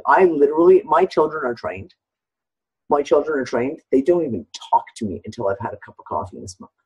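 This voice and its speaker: A woman's voice: very deep voice, darkish tone, slightly rough, poor audio. A middle-aged woman hosting a casual talk, agreeable and explaining things at length. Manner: agreeable, drawn-out explaining, frequent "yep". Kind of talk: casual chat.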